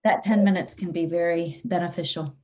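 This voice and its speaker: A woman hosting a podcast, speaking in a low-key, supportive way. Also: fairly even intonation, brisk, a little mellow, lo-fi sound. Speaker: podcast host. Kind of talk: conversational podcast interview.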